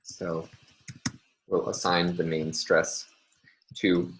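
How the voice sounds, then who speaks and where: A man's voice: low voice, little pitch movement, drawn-out words, a bit bright, slight background noise, rough recording. A man lecturing on linguistics over slides, careful and self-correcting, with frequent ums and uhs.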